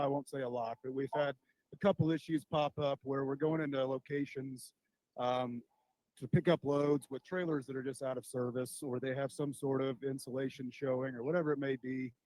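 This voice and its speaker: A man's voice: mid-range voice, steady tone, fairly quick, darkish tone, dry recording, poor audio. A man giving an operations update from a remote terminal, earnest and informal, with frequent fillers.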